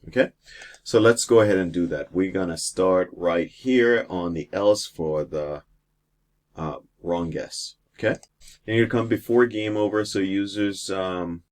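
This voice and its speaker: In a screen-recorded coding lesson, a male teacher works through an exercise step by step while typing. His low voice is unhurried and steady, with some fillers along the way.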